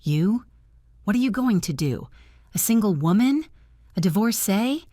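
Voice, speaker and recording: A woman voicing a cold, contemptuous bullying man in a spoken story, with calm, measured delivery. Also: mid-range voice, no room sound, studio quality, pitched above the performer's own voice. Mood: mocking.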